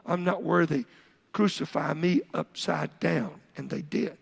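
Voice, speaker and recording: A man's voice: fairly high pitch, measured pace, vocal fry, slightly rough. A man preaching a midweek sermon as pastor, asking his congregation questions and telling stories from church life. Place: church sanctuary. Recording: long church hall reverb.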